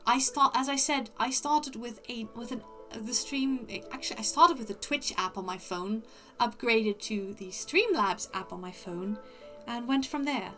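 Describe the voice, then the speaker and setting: A woman livestreamer putting on the voice of a prim, posh upper-class lady, with formal, deliberate diction. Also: on the high side, bright, forceful tone, faint music behind.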